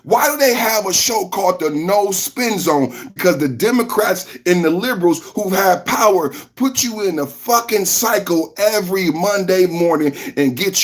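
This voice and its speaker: Guy w running a live podcast, kinda high voice, shouty n repetitive talking to chat. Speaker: podcast host. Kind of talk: livestream reaction commentary.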